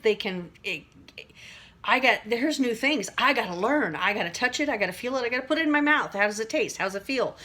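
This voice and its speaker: A fairly high, somewhat bright voice belongs to a middle-aged woman rambling to camera about daily stress. In this casual teaching monologue, she plays out little voices and chuckles at herself.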